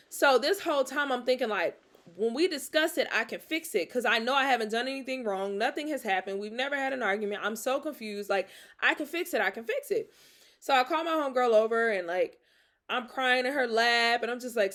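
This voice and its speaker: A woman hosting a casual storytime, talking straight to her audience, animated and laughing often as she tells it. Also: sits high, fairly quick. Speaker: host.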